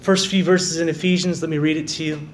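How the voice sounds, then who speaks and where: Man, pastor, sermon, high voice, swings quiet to fervent, roomy hall. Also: level tone, fast talker, a little hiss or hum. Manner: swings from quiet, low emphasis to loud, fervent calls of "amen". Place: church sanctuary.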